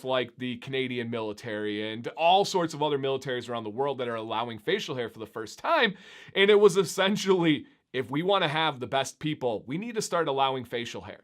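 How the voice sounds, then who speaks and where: A man chatting upbeat and animated to his viewers in a casual vlog. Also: mid-range voice. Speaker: beard YouTuber. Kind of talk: casual vlog talk to camera.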